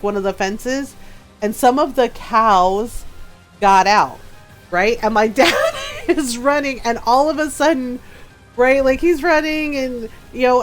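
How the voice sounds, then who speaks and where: A woman streaming a video game, chatting casually and laughing often as she tells stories. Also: fairly high pitch. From her father's home in Texas. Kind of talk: casual gameplay chat.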